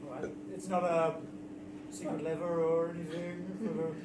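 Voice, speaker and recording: A man's voice: a little high, flat delivery, moderate pace. A New Zealand-accented man playing a tabletop game, playful and stammering. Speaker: player. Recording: echoey, distant mic with loud noise.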